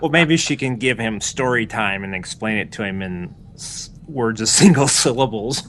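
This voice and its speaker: A man's voice: lowish voice, animated, a bit bright, a little hiss or hum. A man co-hosting a casual gaming podcast, dropping dry jokes and puns. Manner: slow, dry punning. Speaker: podcast co-host.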